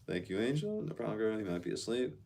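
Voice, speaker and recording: A man's voice: fairly low pitch, big pitch swings, fast, gravelly, a little mellow. A man casually chatting on a live stream, reading out viewer comments and answering them in a laid-back, slangy way.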